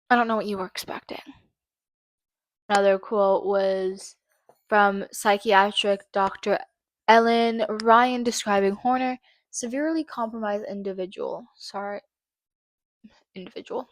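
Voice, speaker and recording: A woman hosting her own channel, reading out trial quotes haltingly and breaking into angry, swearing commentary. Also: mid-range voice, no room sound. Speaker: channel host. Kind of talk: true-crime commentary.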